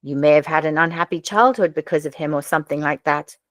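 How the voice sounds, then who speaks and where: A woman's voice: sits low, fast, fairly bright tone, dry recording, clean studio sound. A woman reading a brooding, weary male detective. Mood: terse.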